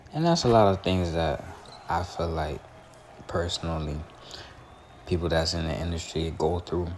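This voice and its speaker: A man's voice: low voice, a little mellow, slight background noise. A young man rambling and joking in casual slang as he hosts gameplay commentary. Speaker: gaming channel host.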